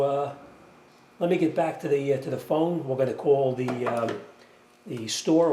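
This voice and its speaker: A man's voice: medium pitch, darkish tone, a little hiss or hum. A man, an auto mechanic talking casually and bluntly as he walks viewers through a hands-on repair.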